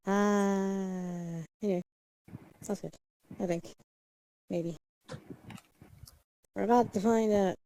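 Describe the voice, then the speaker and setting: A woman speaks slowly with long pauses in a warm, mid-range voice, recorded roughly. She's a livestreamer in casual chat who mutters to herself while setting up and drifts into humming and singing nonsense syllables.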